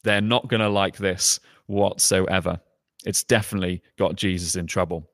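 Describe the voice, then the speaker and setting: A man's voice: fairly even intonation, moderate pace, no room sound. Male preacher, casual sermon delivery, acts out quotes, dry close sound. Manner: conversational, acting out quoted lines with rising pitch.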